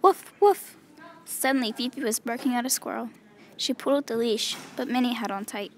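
Lady reading a kids' picture book, kinda high voice, steady and clear. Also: a little hiss or hum. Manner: clear, measured storytelling. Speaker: storybook reader. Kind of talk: children's story read aloud.

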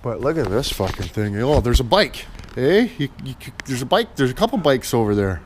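A man's voice: mid-range voice, very animated, moderate pace. A man with a Maritime Canadian accent filming a friend outdoors, cursing, hollering and laughing in rowdy banter. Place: outdoors in wind, rural. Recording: loud wind noise outdoors.

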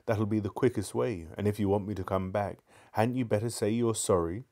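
A man's voice: fairly low pitch, brisk, warm tone, close to an everyday voice. A prim, sarcastic young girl, read by a man. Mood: tart. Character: spirited young girl, sharp-tongued. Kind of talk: live book reading.

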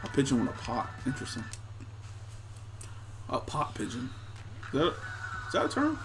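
Excitable young male gaming streamer. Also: medium pitch, normal speed, over music. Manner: excitable, talks to himself and chat, trash-talks players. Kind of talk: casual gameplay commentary.

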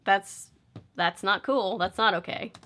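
A woman's voice: medium pitch, measured pace, fairly bright tone. A young woman vlogger giving casual, sarcastic film commentary, joking and laughing often.

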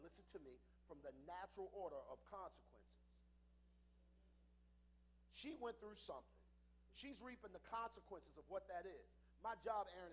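Male preacher with a high voice. Chatty delivery that builds to emphatic lines, with a faint hum behind. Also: rough recording. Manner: conversational preaching, rising to emphatic; quizzes the crowd with call-and-response questions. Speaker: conference speaker. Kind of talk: preaching sermon.

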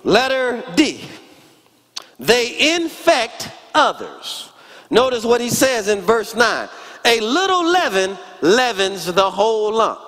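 A man's voice: extremely high pitch, sing-song, takes it slowly, a bit bright. A pastor in his forties preaching a sermon in church, emphatic and calling out to the congregation. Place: church sanctuary.

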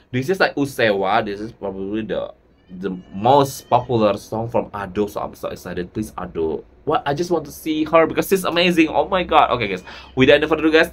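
A YouTube host reacting to a music video, gushing and excitable, using loose, non-native English grammar, many "like" fillers and repeated "oh my God". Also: medium pitch.

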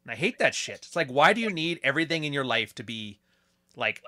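Bright-voiced blunt American man. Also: a little high, big pitch swings, brisk. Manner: blunt, sarcastic, mocking voices when quoting others. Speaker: podcast host. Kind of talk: casual conversation.

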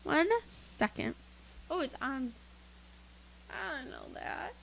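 A woman's voice: high-pitched, sing-song, takes it slowly, gravelly, a bit bright, a little hiss or hum, rough recording. A teenage girl co-hosting a kids' tech podcast, chatty and giggly, reading listener emails aloud with her own asides. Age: teens. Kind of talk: casual podcast chat.

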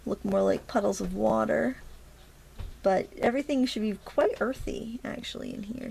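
A woman's voice: medium pitch, creaky, a little mellow, slight background noise. A middle-aged woman with a Maine accent teaching watercolor painting in a casual, chatty way, talking to herself as she works and making playful asides. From Maine, USA. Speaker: watercolor instructor.

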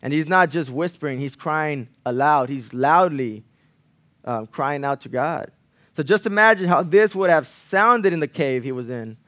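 A man preaching a sermon in a church, earnest, repeating phrases for emphasis, rising loud on key lines and falling quiet after. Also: animated, moderate pace, no room sound. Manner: earnest, swells louder on key lines then drops low. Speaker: pastor.

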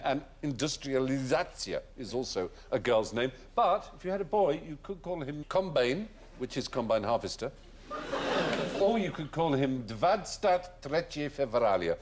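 A man hosting a studio panel quiz show, explaining answers playfully and laughing as he goes. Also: medium pitch. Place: TV studio with live audience.

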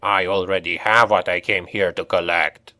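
A man doing a gruff greedy dwarf. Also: steady tone, moderate pace, sharp tone, no room sound. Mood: gruff scorn. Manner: low, grumbling, scornful.

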